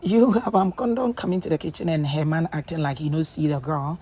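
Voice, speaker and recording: A woman's voice: sits low, fairly quick, warm tone, slight background noise, poor audio. A woman casually recapping a reality show, chatty and full of ums and pidgin asides.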